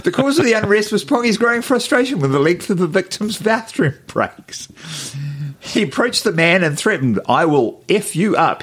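A man's voice: on the high side, fairly bright tone, slightly rough. A man co-hosting a casual podcast, laughing often and reading a news story aloud with plenty of ums. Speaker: podcast co-host.

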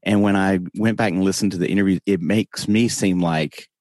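Southern US man, deep voice, unhurried and rambling, as an interview guest. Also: steady tone, a little mellow, dry recording, clean studio sound. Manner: slow, meandering, halting restarts. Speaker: podcast guest. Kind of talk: casual interview chat.

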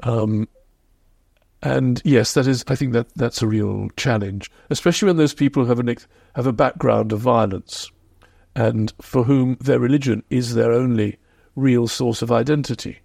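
A man being interviewed as a historian, explaining in a reflective, measured way. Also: medium pitch, fairly even intonation, gravelly, darkish tone, dry recording, clean studio sound. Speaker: historian guest. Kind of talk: podcast interview.

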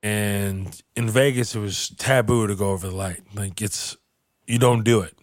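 A man hosting a podcast, telling a long comedy anecdote in a loose, profane, animated way and acting out the people in his story. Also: fairly low pitch, normal speed, no room sound, studio quality.

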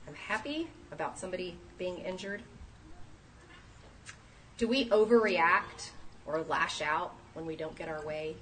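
A woman in her thirties giving a sermon, lively and acting out the voices she quotes. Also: fairly low pitch, unhurried, long pauses. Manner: animated, acts out quoted voices. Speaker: speaker at a church talk. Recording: distant mic, faint room noise.

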